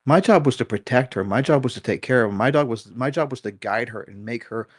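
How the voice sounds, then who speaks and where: A man's voice: medium pitch, fast talker, husky, no echo, clean studio sound. A middle-aged man, a dog trainer and guest, telling a story in a candid, self-critical way and swearing casually.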